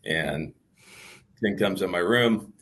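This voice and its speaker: A man with a very low, husky voice talks through a story in a relaxed interview. He rambles and leans on fillers as he goes. The tone is easygoing and conversational. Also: slow pace. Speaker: professional baseball player, guest. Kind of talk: casual interview chat.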